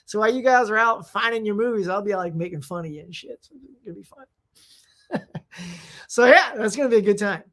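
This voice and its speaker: A woman hosting a casual live-stream show, reading out viewer comments and answering them in an excitable, rambling, slangy way. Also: mid-range voice, brisk. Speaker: host of a live movie chat show.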